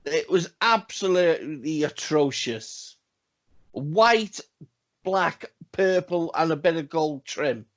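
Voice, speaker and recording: A man's voice: on the high side, expressive, slow pace. Rambling, swearing podcast man. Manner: rambling, profane, emphatic repeats. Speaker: podcast co-host. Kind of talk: casual wrestling podcast chat.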